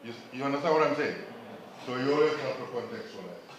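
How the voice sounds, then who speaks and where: A Gambian man speaks quickly at medium pitch with lively intonation, giving an emphatic public health lecture at a symposium and asking the audience questions. He is in a conference hall that is very echoey, and a little hiss or hum can be heard.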